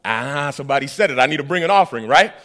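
A man's voice: mid-range voice, animated, racing, a bit bright. A man preaching a sermon, telling a story with acted-out dialogue and asking the audience questions.

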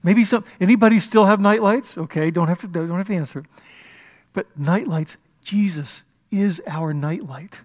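A male pastor preaching an impassioned sermon at a church service, swinging from loud declarations to hushed whispers. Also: high-pitched, normal speed.

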